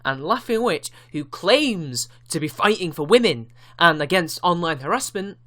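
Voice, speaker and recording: A man's voice: fairly high pitch, big pitch swings, normal speed, few pauses, bright, forceful tone. A man giving a ranting online commentary, indignant and sarcastic, with frequent swearing. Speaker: YouTube commentator.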